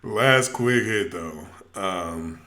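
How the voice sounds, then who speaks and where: A man's voice: sits low, drawn-out words, sharp tone. A man co-hosting a sports podcast, talking in a laid-back, hesitant way with many fillers. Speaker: podcast co-host. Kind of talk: casual sports chat.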